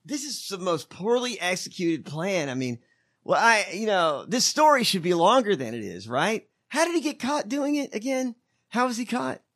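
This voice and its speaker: A man with a high, bright, sharp voice riffs sarcastically. He swears freely and his pitch jumps all over the place as he jokes. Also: big pitch swings, normal speed. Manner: sarcastic, profane, joking. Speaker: podcast co-host. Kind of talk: casual reaction chat.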